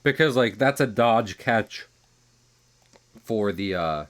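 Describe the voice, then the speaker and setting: Guy streaming a game, kinda low voice, rambly, laughs at his own jokes, goes quiet mid-thought. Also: animated, slow. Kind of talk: casual gameplay commentary.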